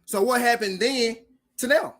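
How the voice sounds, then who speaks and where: A man's voice: extremely high pitch, measured pace, fairly bright tone. Heated boxing channel host, a man. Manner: repetitive, profane, heated, talks straight to viewers. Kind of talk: casual reaction rant.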